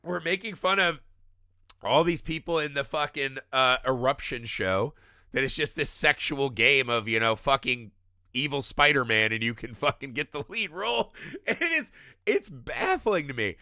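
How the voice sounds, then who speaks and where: A man's voice: mid-range voice, sing-song, moderate pace, bright, forceful tone, no echo, studio quality. A man co-hosting a casual film podcast, ranting animatedly, swearing often and laughing as he talks. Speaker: podcast co-host. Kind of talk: casual profane film discussion.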